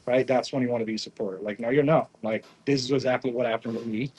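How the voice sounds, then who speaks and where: Young male chef, Naples-raised, animated storyteller acting out quotes in casual interview talk. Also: mid-range voice, fast talker, breathy edge, low-quality recording. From Naples area, Italy. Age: young adult. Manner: animated, acts out quotes, frequent "right?" tags. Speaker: pizza chef guest.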